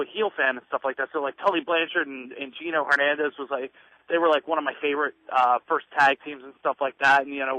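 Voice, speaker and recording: A man's voice: fairly high pitch, bright, forceful tone, no room sound. A man in his thirties from the Northeastern US, a wrestler telling stories as a guest, full of fillers and acted-out quotes. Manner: rambling storyteller, many fillers, acts out quotes. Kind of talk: casual phone interview. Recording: muffled dry lo-fi radio audio.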